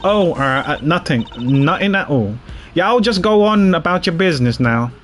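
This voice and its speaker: A man's voice: on the high side, lively intonation, soft background music, lightly acted. Man doing a drawling Southern woman. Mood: evasive. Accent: put-on American Southern. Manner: drawling, slow, folksy slang. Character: folksy Southern woman, gruff and nosy.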